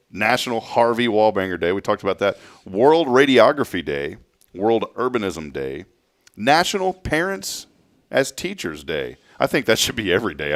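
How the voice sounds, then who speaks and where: A man on a morning radio show with a low voice that swings up and down as he talks. He tells stories in loose, animated banter and laughs often.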